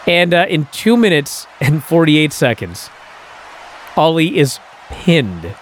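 Animated man recapping the show. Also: on the high side, slow pace, a little hiss or hum. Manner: animated, incredulous storytelling with many fillers. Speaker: podcast host.

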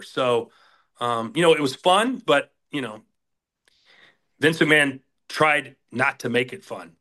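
Bright-voiced middle-aged announcer man. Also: medium pitch, a little slow. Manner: animated, acts out quoted bosses in raised voices. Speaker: guest, sports announcer. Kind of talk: casual interview storytelling.

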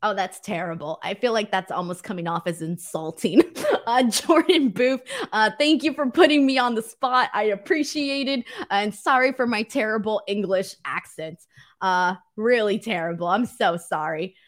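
Her voice is medium in pitch and moves at a normal speed. She's a Californian with a Valley girl accent, hosting a wrestling show and talking with livestream viewers in a relaxed, self-deprecating way.

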